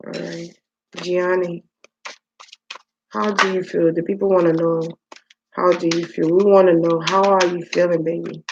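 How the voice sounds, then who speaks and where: A woman's voice: lowish voice, gravelly, dull audio, noisy background. Woman giving a musing spiritual reading. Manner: musing, drawn-out, talks to the spirits directly. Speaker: spiritual reader. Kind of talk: casual spoken tarot reading.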